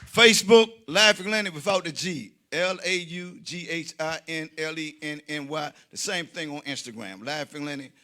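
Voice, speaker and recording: A man doing a stand-up comedy set, loud and preacher-like, with dramatic swings between shouting and quiet asides. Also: a little high, moderate pace, few pauses.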